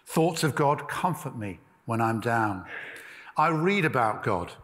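A man delivers a sermon at a measured pace, leaning on key words and pausing between phrases. His voice sits at an ordinary middle pitch. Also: sing-song, fairly bright tone, big-room sound. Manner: measured, emphatic delivery with pauses. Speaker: preacher.

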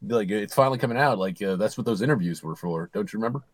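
A man's voice: on the low side, animated, very fast, no room sound. Teasing man in casual chat. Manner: teasing, playful. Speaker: podcast co-host.

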